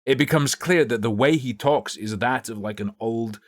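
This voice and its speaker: A man's voice: medium pitch, normal speed, background noise. A man streaming live, chatting casually and thinking aloud in a rambling, profane way. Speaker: livestreamer.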